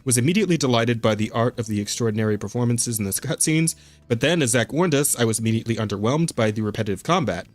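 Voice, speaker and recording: A man's voice: medium pitch, quick pace, no room sound, faint music behind. Laid-back man on a dry podcast mic. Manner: relaxed, self-deprecating, laughs often. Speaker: podcast co-host. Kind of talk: casual podcast chat.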